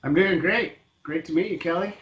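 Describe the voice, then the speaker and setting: A man's voice: a little high, moderate pace, a bit bright. A man in his fifties, a guest drummer telling his story casually, with many fillers. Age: 50s. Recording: roomy, dull sound, faint noise.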